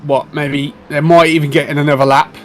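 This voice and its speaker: A man as co-commentator on a sim race, giving relaxed, conversational analysis. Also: on the high side, brisk.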